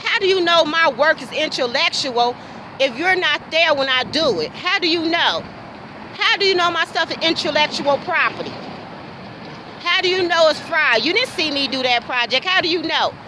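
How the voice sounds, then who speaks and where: A woman's voice: high-pitched, animated, normal speed, noisy background. A woman recording an emotional personal monologue, talking with passion and repeating herself, asking question after question. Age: adult. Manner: impassioned, repetitive, rhetorical questions. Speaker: vlogger.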